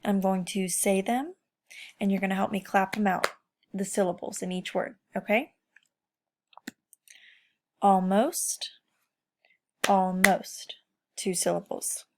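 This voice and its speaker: A woman teacher giving a remote lesson to young children in a slow, encouraging, sing-song voice. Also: mid-range voice, fairly even intonation, darkish tone, a little hiss or hum.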